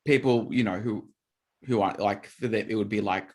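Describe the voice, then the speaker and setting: A man's voice: on the low side, steady tone, fairly quick, darkish tone. A man co-hosting a casual chat about diet, talking loosely and often restarting his sentences. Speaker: co-host.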